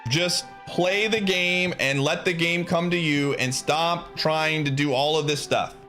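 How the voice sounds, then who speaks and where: A man's voice: a little high, measured pace, bright, forceful tone, faint music behind. A man streaming live, ranting to his chat in a frustrated, emphatic, insistent way.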